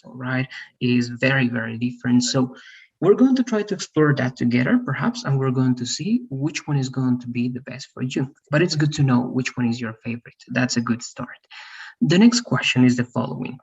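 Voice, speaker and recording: A man's voice: mid-range voice, fairly quick, creaky, husky, lo-fi sound. A man teaching an English lesson over a video call, patient, often checking in with "right?". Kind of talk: one-on-one online English lesson.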